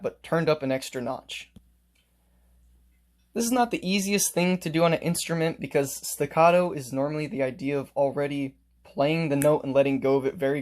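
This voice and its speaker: Guy w a slightly high voice talking through a music lesson, explaining step by step. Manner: explains step by step, demonstrates on instrument. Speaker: music teacher. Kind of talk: casual instrument lesson.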